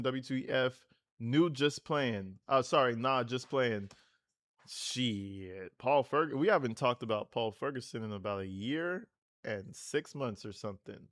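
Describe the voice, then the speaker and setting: A man's voice: mid-range voice, fairly bright tone, dry recording, studio quality. A man hosting a livestream, reacting to a clip with profane, slangy, mocking rants. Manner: slangy, casual. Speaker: livestream host.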